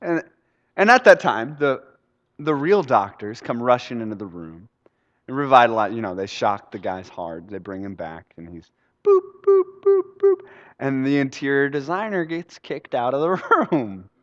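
A man's voice: mid-range voice, sing-song, normal speed, fairly bright tone. A male pastor giving a sermon, telling a story in a conversational way and quizzing the congregation. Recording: echoey hall, dull sound.

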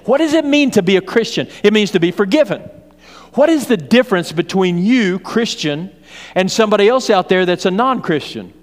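Brief: male preacher, emphatic, high-ish voice, echoing church hall. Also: animated, brisk. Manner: emphatic, repetitive, storytelling. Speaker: pastor. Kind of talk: sermon. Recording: reverberant hall.

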